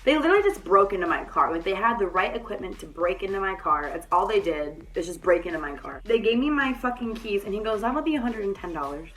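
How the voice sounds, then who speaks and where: A young adult woman telling a story in a casual vlog, animated and swearing freely. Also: medium pitch, quick pace, few pauses. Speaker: vlogger.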